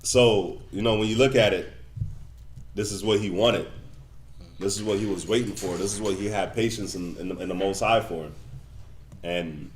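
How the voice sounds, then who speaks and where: A man hosting a casual Bible study, retelling scripture in a lively, storytelling way and acting out the characters. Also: on the low side, normal speed, long pauses, slight background noise. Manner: animated storyteller, acts out quotes, laughs often. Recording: roomy echo.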